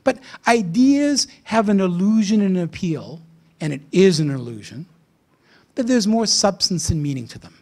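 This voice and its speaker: Male speaker, gravelly and husky voice, blunt and sardonic lecturing at a conference. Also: high-pitched, lively intonation, normal speed, a little mellow. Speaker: invited speaker. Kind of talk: conference talk.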